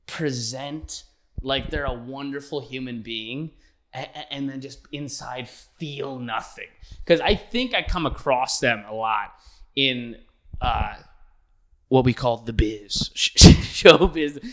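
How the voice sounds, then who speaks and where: A man's voice: medium pitch, a little hiss or hum. A young man ranting casually as a podcast host, rambling and swearing, often breaking into laughter. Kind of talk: casual comedic rant.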